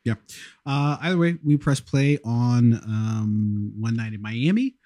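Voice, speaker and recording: A man's voice: mid-range voice, animated, slow pace, dark tone, no room sound, studio quality. A man hosting a podcast in a casual, rambling way, with many ums and some swearing. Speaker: podcast host. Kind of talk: casual film chat.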